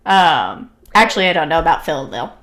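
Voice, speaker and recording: A woman's voice: low voice, sing-song, fairly quick, a bit bright. Easygoing woman co-host reading aloud. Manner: easygoing, reads aloud steadily, laughs often. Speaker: podcast co-host. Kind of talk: casual chat.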